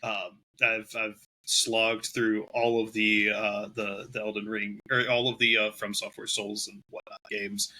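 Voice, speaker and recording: A man's voice: fairly low pitch, level tone, a little slow, few pauses, bright, forceful tone, poor audio. A man co-hosting a podcast in casual talk, hesitant and repeating words as he goes. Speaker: podcast co-host.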